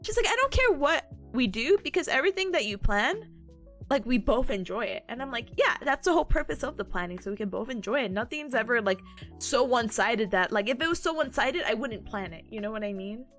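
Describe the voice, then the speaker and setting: Bubbly high-voiced woman streamer. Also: expressive, a little fast, a bit bright, faint music behind. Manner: bubbly, giggly storytelling. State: voice tired from long talking. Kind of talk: casual chat.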